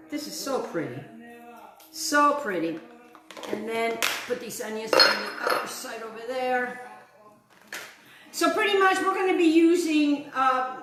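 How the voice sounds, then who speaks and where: High-voiced woman hosting a cooking show. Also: fairly bright tone, reverberant. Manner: chatty, enthusiastic, many fillers and asides. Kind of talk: casual cooking demonstration. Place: home kitchen.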